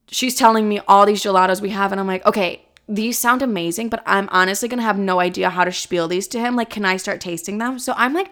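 A young woman in her twenties chatting casually through a story, quick and full of fillers. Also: mid-range voice, fairly bright tone. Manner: chatty, fast, laughing, lots of "like".

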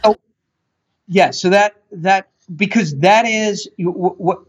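A man guest on a talk show, telling stories and acting out what people said in a lively, animated way. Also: sits high, slow, slightly rough. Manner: animated storyteller, acts out quotes. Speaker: podcast guest expert. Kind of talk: casual interview talk. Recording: dull lo-fi sound.

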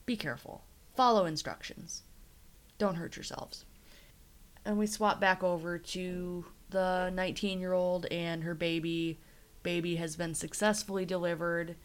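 A woman co-hosting a casual podcast, retelling a TV episode in a chatty storytelling way. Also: on the low side. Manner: chatty storytelling, acting out quotes. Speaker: podcast co-host recapping a TV episode. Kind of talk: casual chat.

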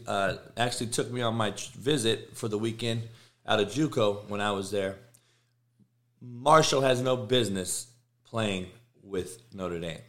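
A man's voice: medium pitch, pushed and bright. A middle-aged man, host of a sports show, ranting casually and emphatically, swearing and repeating himself for effect. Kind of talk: casual rant on college football.

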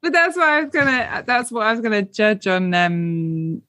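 A woman from the UK speaks with a British accent, her voice sitting in an ordinary middle pitch. She co-hosts a podcast in a chatty, teasing way and laughs often. Her speech is loose and full of "like" and "um". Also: big pitch swings, moderate pace, pushed and bright. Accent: British English. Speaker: podcast co-host. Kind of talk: casual chat.

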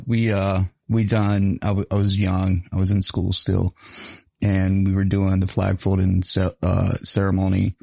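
A podcast host talks in a laid-back, casual way and laughs often. His voice is low with a gravelly edge. The sound is dry and close. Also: darkish tone, no echo.

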